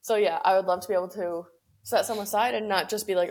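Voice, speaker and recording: A woman's voice: medium pitch, steady tone, quick pace, darkish tone. A young woman co-hosting a podcast, chatting casually with lots of "like" fillers and easy laughs. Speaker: podcast co-host. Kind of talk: casual chat.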